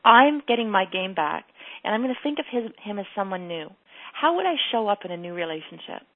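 A woman's voice: medium pitch, sing-song, a little fast. A woman coaching a caller on a radio advice show, with an emphatic, repetitive manner. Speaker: relationship coach. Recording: tinny phone-like broadcast.

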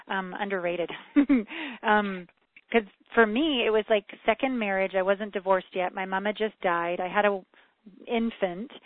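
A woman in her forties hosting the talk as a relationship coach, telling her story with lively, chatty energy and frequent short agreements. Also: medium pitch, no echo. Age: 40s. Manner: warm backchannels, lively storytelling, laughs often. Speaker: podcast host, relationship coach. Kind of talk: conversational interview. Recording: tinny phone-like line, dry.

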